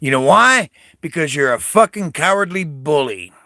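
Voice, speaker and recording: A man's voice: a little high, animated, normal speed, bright, forceful tone, no room sound, clean studio sound. An older man from the United States, a Navy veteran, delivering an angry, profane political rant, confrontational and taunting.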